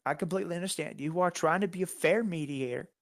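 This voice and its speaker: A man doing a calm, menacing human sorcerer. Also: fairly high pitch, fast talker, vocal fry, pitched above the performer's own voice. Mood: smooth. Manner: folksy, calm, quietly threatening. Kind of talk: tabletop game role-play.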